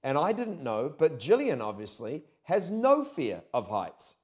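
Loud animated New man preaching. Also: fairly high pitch, a little slow. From New Zealand. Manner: loud, animated storytelling with sudden shouts. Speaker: pastor. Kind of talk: sermon.

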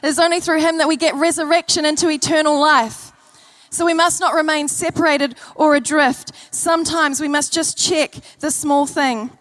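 A woman's voice: high voice, fairly even intonation, moderate pace, a bit bright. A woman preacher delivering an earnest sermon to a church congregation, telling stories and repeating key phrases. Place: church service.

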